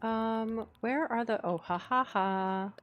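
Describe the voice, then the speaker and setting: A woman's voice: on the high side, slow pace, lo-fi sound. A woman streaming a game, chatting casually and gushing over her decorating, squealing when something looks cute.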